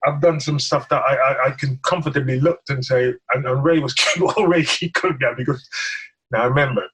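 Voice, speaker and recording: A man, a firefighter guest, telling a story in an animated way, laughing often and acting out what others said. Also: medium pitch, normal speed, a little hiss or hum. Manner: laughs often, acts out quotes, stammers.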